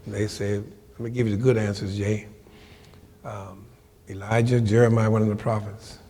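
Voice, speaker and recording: An older man telling a story from his life to a live audience, animated and colloquial, acting out the voices of the people in it. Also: fairly low pitch, normal speed, in a large hall, slight background noise. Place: lecture hall before an audience.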